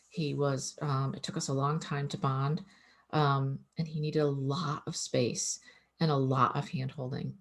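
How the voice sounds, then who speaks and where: Woman, low voice, animal communicator, earnest and gentle, casual to-camera talk, ums.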